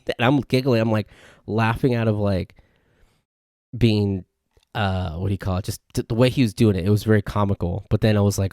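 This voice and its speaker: A man's voice: fairly low pitch, fairly even intonation, brisk, a little mellow, no room sound, studio quality. A man hosting a casual solo podcast, telling rambling stories and often correcting himself. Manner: rambling, self-correcting storytelling. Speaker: podcast host. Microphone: podcast mic.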